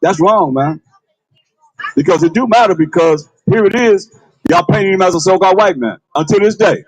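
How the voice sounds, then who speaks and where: A man's voice: sits high, moderate pace, dry recording, soft background music, rough recording. A man preaching outdoors on a city street, confronting and calling out to passersby.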